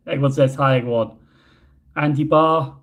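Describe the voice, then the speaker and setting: A man's voice: mid-range voice, steady tone, unhurried, fairly bright tone. A young man chatting casually on a livestream, reading out viewer comments and rambling about his own slips. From Yorkshire, England. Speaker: livestream host. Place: hotel room.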